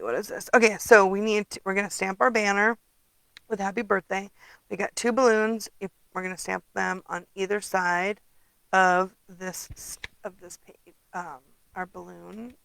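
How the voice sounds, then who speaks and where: Poor audio with no room sound captures a middle-aged papercraft demonstrator talking through a craft tutorial. She speaks in a mid-range voice with vocal fry, sounding tired and yawning as she rambles casually with lots of ums.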